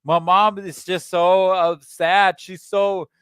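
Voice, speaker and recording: A man's voice: high voice, flat delivery, fairly bright tone, clean tone, dry recording, clean studio sound. A young American man ranting angrily at home, swearing often and breaking off mid-sentence to restart. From United States. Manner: heated, profane, halting with restarts. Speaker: channel host. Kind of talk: angry solo rant.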